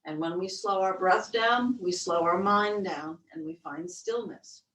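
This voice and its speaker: Woman guiding a gentle breathing class. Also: fairly low pitch. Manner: slow, gentle counting cues. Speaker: yoga instructor. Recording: roomy, distant webcast audio.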